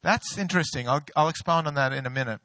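A man's voice: on the high side, fast, pushed and bright, no room sound. A middle-aged male pastor preaching a sermon, telling a personal story with playful asides and laughing at his own jokes.

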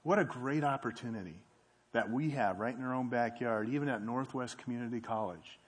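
A man's voice: mid-range voice, a little fast. An earnest man addresses a church congregation. His voice sits in a middle range, and his delivery is loose, full of fillers and restarted phrases. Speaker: campus ministry speaker. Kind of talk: church talk.

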